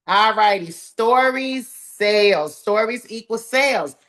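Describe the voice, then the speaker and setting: A woman with a Southern US drawl, running a live sales training call in a folksy, energetic, encouraging way. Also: a little high, slow. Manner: folksy, talks straight to the group, says "y'all" often.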